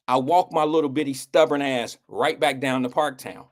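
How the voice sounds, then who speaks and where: A middle-aged man hosting a live show, telling a personal story in a blunt, animated way, with casual swearing and acted-out quotes. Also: normal speed, few pauses. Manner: animated, acts out quotes with swings in pitch. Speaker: host.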